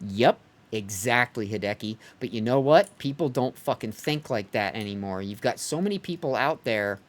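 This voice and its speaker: Speaking at an ordinary pace with medium pitch and lots of animation, this gamer unleashes a furious, swear-filled tirade on his live stream, occasionally imitating people in fake voices to ridicule them.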